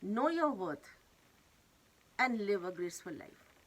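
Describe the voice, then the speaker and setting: A woman telling a moral fable in an earnest, gently instructive way. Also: medium pitch, big pitch swings, slow pace, rough recording. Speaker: storyteller of wisdom talks. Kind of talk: moral storytelling.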